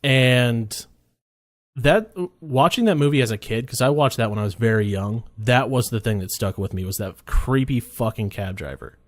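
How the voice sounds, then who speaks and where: A man's voice: medium pitch, moderate pace, no echo, clean studio sound. A man co-hosting a casual movie podcast, laid-back, swearing freely and laughing often. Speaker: podcast co-host. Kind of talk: casual chat.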